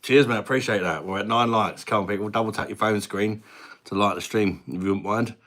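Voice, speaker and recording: Deep-voiced bloke chatting on a livestream. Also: male voice, a little fast, fairly bright tone. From England. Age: 30s. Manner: chatty, matey, reads viewer names aloud. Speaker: livestream host. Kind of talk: casual live-stream chat reading comments. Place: at his mum's house, indoors.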